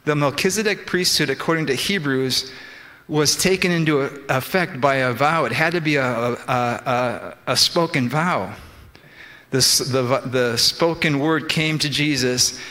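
A man's voice: mid-range voice, a little slow, sharp tone. A man preaching a sermon, explaining scripture in restarting bursts and quoting the figures he talks about. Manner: explains scripture with many restarts and quoted speech. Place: church sanctuary. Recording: long church reverb.

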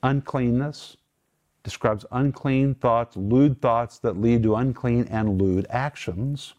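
A man's voice: mid-range voice, slow pace, darkish tone. A middle-aged man hosting a Bible teaching group, preaching earnestly, praying aloud and patiently explaining the meaning of words. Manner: earnest, emphatic preaching that moves into spoken prayer.

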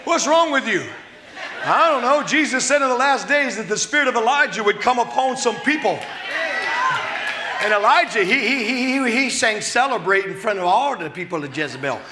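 A man preaching a sermon at a church service, exuberant and loud at times, then dropping to a hushed, tender voice. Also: sits high, a little hiss or hum. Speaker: pastor.

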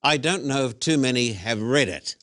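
A man, a pastor, hosting an interview in a measured way and posing rhetorical questions. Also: mid-range voice, lively intonation, fairly bright tone, no room sound, studio quality.

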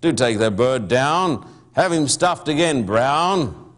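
A man's voice: mid-range voice, animated, slow. A male preacher voicing a pompous young man who lectures indignantly about a badly stuffed owl. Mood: indignant lecturing. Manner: indignant, lecturing, know-it-all.

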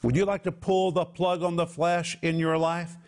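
This is a male Bible teacher hosting a television program. His voice sits slightly high, and he speaks emphatically, stretching out key words for weight. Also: level tone, normal speed, darkish tone.

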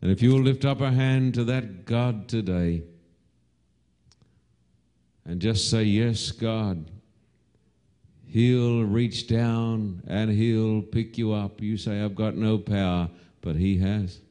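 A man with a fairly low, clear, resonant voice and a steady tone preaches a sermon. He tells a story slowly and dramatically, building to loud cries as he voices the calls.

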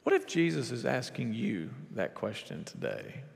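A man preaching a sermon as a pastor, emphatic, with big swings in pitch and volume. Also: wildly swooping pitch, normal speed, vocal fry, in a large hall.

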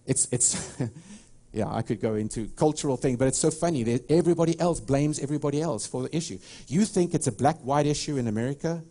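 A middle-aged pastor with a South African accent delivers a sermon in a warm, mellow voice. He tells stories in a rambling way, with many restarts. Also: medium pitch, brisk.

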